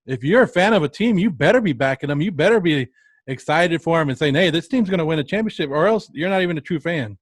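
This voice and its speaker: A man hosting a casual sports talk show, chatty and teasing, tossing quick questions at his guest. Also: a little high, animated, dry recording.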